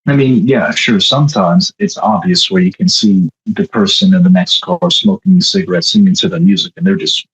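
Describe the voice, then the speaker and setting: A man in a casual roundtable discussion, speaking in a measured way with hesitant fillers. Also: fairly low pitch, big pitch swings, vocal fry, slightly rough, rough recording. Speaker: roundtable participant.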